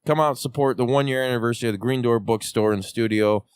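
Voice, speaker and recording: A man hosting a wrestling podcast, joking around with loud, profane hype. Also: medium pitch, quick pace, clear, resonant tone, no echo. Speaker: podcast host. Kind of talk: rowdy casual chat.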